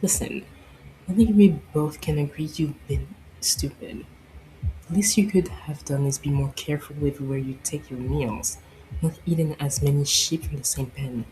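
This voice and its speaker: A woman's voice: deep voice, normal speed, mellow, a little hiss or hum, close to an everyday voice, rough recording. Woman as a cold, scornful older vampire woman.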